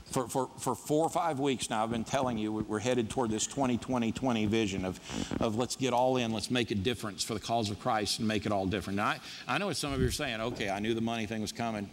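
A man's voice: mid-range voice, quick pace, long reverb tail, a little hiss or hum. A man preaching to his congregation in an emphatic, punchy style, with lots of repetition. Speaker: pastor. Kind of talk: sermon. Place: church sanctuary.

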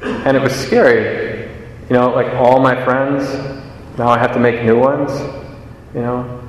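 A man's voice: medium pitch, level tone, a little slow, lo-fi sound, slight background noise. A young man giving a homily in a chatty, self-deprecating storytelling manner. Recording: echoey church with long reverb.

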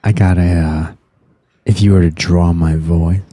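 A man's voice: sits low, fairly even intonation, unhurried, warm tone, dry recording. A man co-hosting a podcast in casual chat, teasing and joking. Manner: teasing, jokey. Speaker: podcast co-host.

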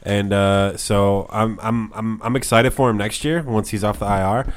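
A man's voice: fairly low pitch, fairly even intonation, moderate pace. Casual swearing podcast guy. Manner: loose, joking, swears a lot. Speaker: podcast co-host. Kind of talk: casual banter about fantasy football.

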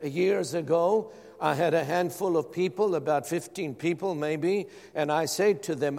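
A man's voice: a little high, measured pace, gravelly, few pauses, a little mellow. A man preaching a sermon as pastor, calling out questions to his congregation. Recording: long hall reverb.

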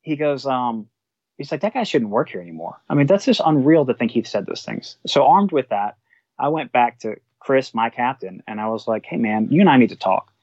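A man's voice: mid-range voice, fairly quick, dry recording, highs cut off. A man, a fire department supervisor, telling a work story in a casual way and acting out the quoted dialogue. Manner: animated, acts out quoted dialogue.

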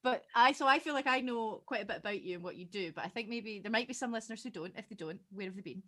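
Podcast cohost lady, gushy and excited, asks the questions. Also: medium pitch, fast. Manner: gushing, enthusiastic. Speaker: podcast co-host. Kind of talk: casual interview chat.

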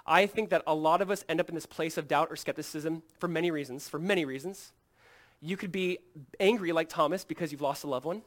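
Pastor guy preaching, fairly high voice, goes quiet then punches it up loud. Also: fairly quick. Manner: earnest, swings from hushed to loud and emphatic; acts out quoted lines in a lively, casual way. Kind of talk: sermon.

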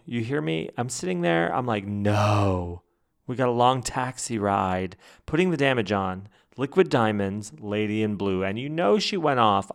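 Young male podcast host, gravelly hushed voice, excitable and joking, hotel room at night. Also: mid-range voice. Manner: whispering. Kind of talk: casual fan chat.

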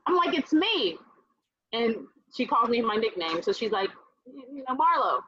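A woman with a high, bright voice tells a story on a radio talk show, acting out each person's lines as she goes. The audio sounds a bit dull and lo-fi. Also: normal speed, a little hiss or hum. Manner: animated, acts out quoted voices, laughs while telling. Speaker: guest.

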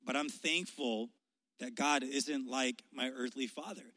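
A male youth pastor telling a story in a sermon, animated and conversational, often restarting his sentences. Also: mid-range voice, unhurried, big-room sound.

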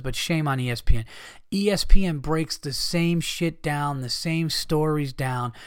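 A man's voice: on the high side, clean tone, no echo, clean studio sound. A man hosting a podcast, ranting in a profane, exasperated way and mocking people by imitating them. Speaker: podcast host. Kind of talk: ranting monologue.

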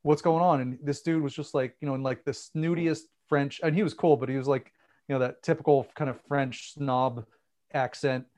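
A man telling an animated tour story in casual chat, swearing and acting out what people said. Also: medium pitch, moderate pace.

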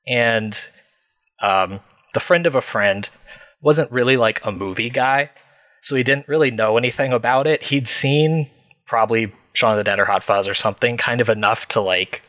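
A man's voice: mid-range voice, normal speed, fairly bright tone, no echo. A man telling a story as a podcast guest, chatty and full of fillers. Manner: chatty, laughs while telling, many fillers. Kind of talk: casual storytelling.

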